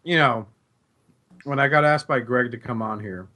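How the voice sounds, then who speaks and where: A man's voice: medium pitch, moderate pace, bright, forceful tone. A man co-hosting a casual podcast, laid-back and teasing, with fillers. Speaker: podcast co-host.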